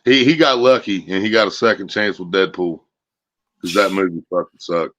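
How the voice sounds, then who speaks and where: A man's voice: low-pitched, normal speed, a bit bright. A man in casual chat, blunt and plain-spoken. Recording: dull lo-fi sound.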